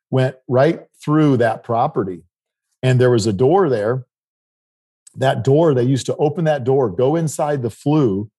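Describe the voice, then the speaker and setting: This man's mid-range voice has a dark tone. Middle-aged and hailing from South Dakota, United States, he chats casually through a rambling, restart-filled story about his travels.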